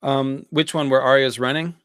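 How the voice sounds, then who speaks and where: A man co-hosting a live stream Q&A, teasing and joking with his partner. His mid-pitched voice sounds dry and close, with no room around it. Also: fairly even intonation, moderate pace, fairly bright tone, smooth, no room sound. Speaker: co-host guest.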